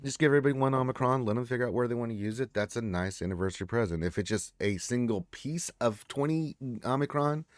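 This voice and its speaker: A man's voice: mid-range voice, a little fast, hardly any pauses, no room sound. A man hosting a casual gaming livestream, chatting loosely and reading viewer comments with a joking manner. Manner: laid-back, rambling, joking. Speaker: livestream host.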